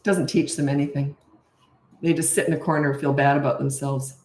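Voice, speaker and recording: A woman's voice: low-pitched, level tone, fairly quick, darkish tone. A woman in her sixties, a parenting coach, answering viewer questions in a blunt, emphatic and opinionated way. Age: 60s. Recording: echoey room.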